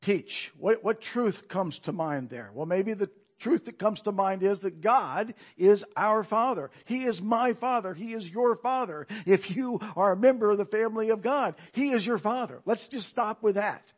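Husky-voiced man preaching a lively sermon. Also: high-pitched, moderate pace, few pauses. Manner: conversational, emphatic, asks rhetorical questions.

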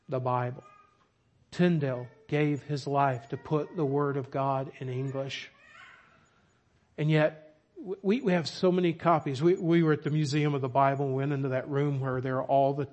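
A man's voice: fairly high pitch, darkish tone. A man preaching a sermon, with emphatic, dramatic storytelling. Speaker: pastor.

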